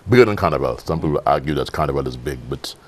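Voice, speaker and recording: Deep-voiced Saint Lucian man. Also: expressive, rapid-fire. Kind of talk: talk show interview.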